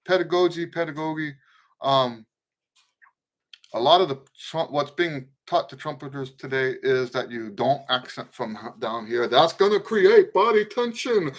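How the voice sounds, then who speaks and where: This fairly high, fairly bright male voice belongs to a middle-aged trumpet teacher on a live question-and-answer stream. He talks through his points loosely and sings out tonguing syllables during a relaxed spoken lesson that includes playing demos.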